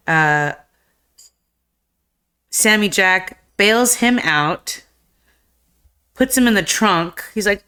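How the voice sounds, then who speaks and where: A woman's voice: mid-range voice, very slow, long pauses, clean tone. Chatty woman rambling through a movie recap. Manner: rambling, animated retelling with acted-out quotes. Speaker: podcast co-host. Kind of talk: casual chat recapping a film.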